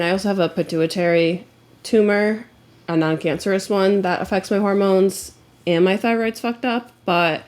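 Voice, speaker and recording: A young woman co-hosting a casual podcast, chatting candidly, swearing freely and reading stories aloud. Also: lowish voice. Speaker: podcast co-host.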